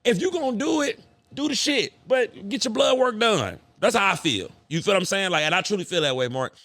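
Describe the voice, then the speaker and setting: A man hosting a podcast, telling stories in an animated, profane way. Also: high voice, brisk, gravelly, no echo. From United States. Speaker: podcast host. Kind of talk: casual podcast chat.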